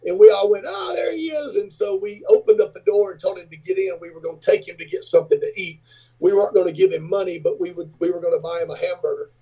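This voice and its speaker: A man telling rock road stories in a casual interview, acting out other people's voices in a high pitch. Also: slightly rough. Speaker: rock singer and businessman, guest. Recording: dull lo-fi remote audio.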